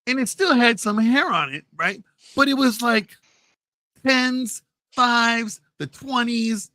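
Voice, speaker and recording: A man telling a story in casual chat, loudly acting out the voices in it. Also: very high voice, takes it slowly, no room sound. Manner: animated storyteller, acts out quotes loudly. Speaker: podcast co-host telling a story.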